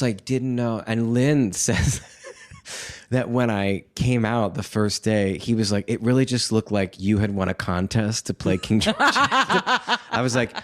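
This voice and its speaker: A man in his thirties, a guest in a casual interview, telling stories in an animated way, acting out quotes and laughing often. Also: mid-range voice. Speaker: guest actor.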